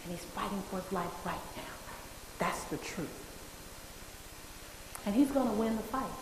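A woman's voice: mid-range voice, a little slow, noisy background. A woman giving a motivational speech to an audience, emphatic and repeating her key phrases for effect. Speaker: motivational speaker. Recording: echoey hall with long reverb.

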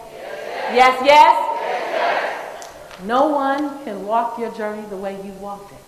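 A woman's voice: mid-range voice, darkish tone, slight background noise. A woman giving a motivational speech to an audience, emphatic and repeating her key phrases for effect. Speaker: motivational speaker. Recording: echoey hall with long reverb.

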